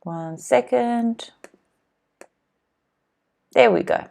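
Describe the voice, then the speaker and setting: Casting: woman, English teacher, unhurried, careful delivery, drills vocabulary for viewers to repeat on a live stream. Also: on the high side, a little mellow. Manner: slow, clear teacher's voice, drills words for repeating. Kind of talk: live online English lesson.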